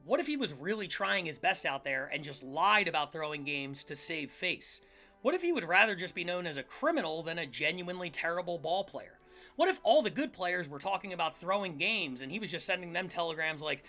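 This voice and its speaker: A man's voice: fairly high pitch, sing-song, fairly quick, bright, forceful tone, faint music behind. A man from the Philadelphia area hosting a scripted comedic history show, full of sarcastic, jokey asides. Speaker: podcast host.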